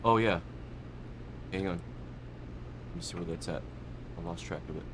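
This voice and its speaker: A man's voice: low voice, measured pace, very noisy. A man hosting a live stream, chatting casually and rambling as he flies a flight simulator, often correcting himself and laughing.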